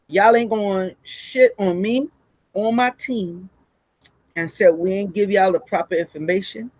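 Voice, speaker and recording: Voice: mid-range voice, no echo. A co-host in a casual commentary chat who laughs often, talks emphatically and preaches to the audience.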